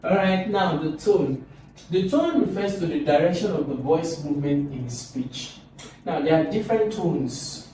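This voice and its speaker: A man teaching a recorded lesson, lively and demonstrative, often pushing his pitch up on example phrases. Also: measured pace, slight background noise. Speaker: English teacher. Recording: echoey room from a distance.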